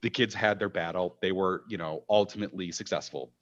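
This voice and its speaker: A man in his thirties, a game master, telling an animated anecdote with lots of fillers in a casual panel chat. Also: deep voice, brisk, muffled recording.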